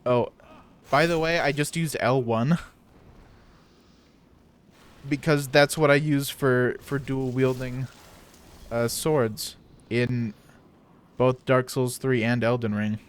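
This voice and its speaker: A man's voice: medium pitch, fairly even intonation, slow pace, clear, resonant tone. Rambling Midwestern man streaming a game. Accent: Midwestern American. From South Dakota, USA. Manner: loose, rambling and chatty. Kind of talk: casual chat while gaming.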